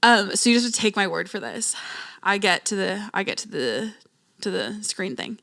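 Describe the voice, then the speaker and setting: A young woman hosting a podcast, telling a travel story in a chatty, slangy, animated way. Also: mid-range voice, normal speed, vocal fry. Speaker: podcast host. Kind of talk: casual storytelling.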